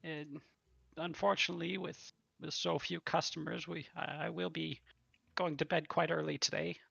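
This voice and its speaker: A man's voice: fairly high pitch, level tone, moderate pace, vocal fry, a bit bright, husky, no echo, highs cut off, pitched above the performer's own voice, full character voice. A man voicing a polite female tavern waitress in a tabletop game, speaking in a raised, courteous voice.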